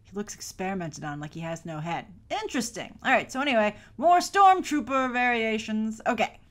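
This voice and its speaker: Woman gushing over a movie trailer, rambly, says like a lot, voice a touch high. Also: lively intonation, a little fast. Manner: chatty and rambling, many "like" fillers; enthusiastic fan gushing. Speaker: film review show host. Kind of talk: casual trailer breakdown commentary.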